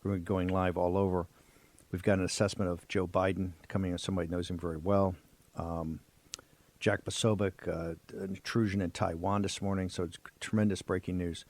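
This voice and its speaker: A man's voice: low-pitched, level tone, moderate pace, darkish tone. A man hosting a political talk radio show, speaking in sweeping, emphatic oratory from a studio. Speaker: host.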